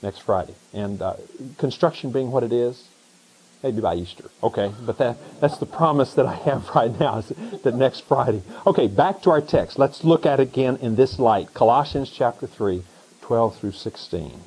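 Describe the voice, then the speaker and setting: A middle-aged man preaching a sermon as pastor, animated, pushing up into emphatic questions. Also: medium pitch, normal speed, breathy edge, rough recording.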